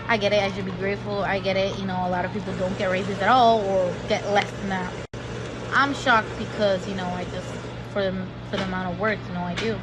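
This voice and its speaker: Woman recounting a story in casual story-time fashion, frustrated, rambling, noticeable background noise. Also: mid-range voice. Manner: rambling, frustrated, many fillers. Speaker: storyteller in a clip.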